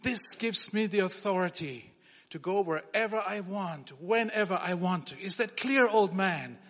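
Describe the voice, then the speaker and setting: A stern, bossy police officer, as a man puts him on in a joke. The voice sits high. It echoes with a long reverb through a hall. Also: unhurried, fairly bright tone.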